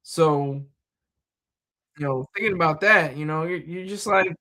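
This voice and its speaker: High-pitched guy rambling off the cuff, repeats himself a lot. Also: unhurried, pushed and bright. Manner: rambling, repeats words, many fillers and restarts. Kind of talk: casual rambling monologue.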